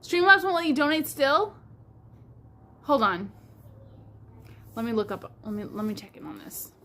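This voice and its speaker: A woman's voice: high voice, very animated, normal speed, pushed and bright, a little hiss or hum. A woman hosting a livestream in casual chat, rambling along with lots of fillers like "like". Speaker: livestream host.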